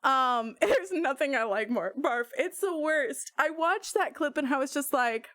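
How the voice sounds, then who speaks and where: A woman streamer in casual live-stream chat, animated and joking, often breaking into laughter. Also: sits high, measured pace, no room sound, clean studio sound.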